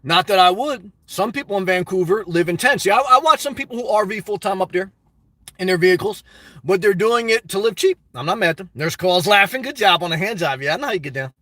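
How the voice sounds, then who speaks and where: A man hosting a casual livestream reads viewer chat aloud in a crude, rambling way, now and then erupting into loud, excited rants. His voice sits high and moves quickly, recorded with studio quality and no echo.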